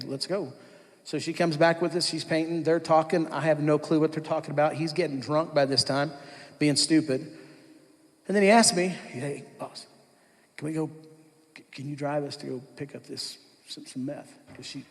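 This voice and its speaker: A man in his thirties recounts his testimony in a loose, conversational way, full of restarts and asides. His voice sits in an ordinary middle pitch. The sound rings with the long reverb of a large church hall. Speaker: speaker giving a testimony. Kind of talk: personal testimony talk.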